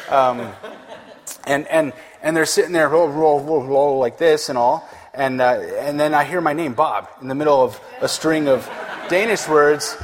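A man preaching a conversational sermon, chuckling often and acting out the lines he quotes. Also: mid-range voice. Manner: conversational, laughs often, acts out quoted speech. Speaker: pastor. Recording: reverberant hall, husky voice.

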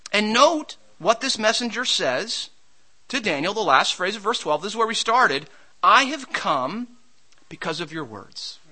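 Male preacher, high and very bright voice, conversational sermon delivery with storytelling. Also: rough recording. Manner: storytelling, shouts during a comic anecdote.

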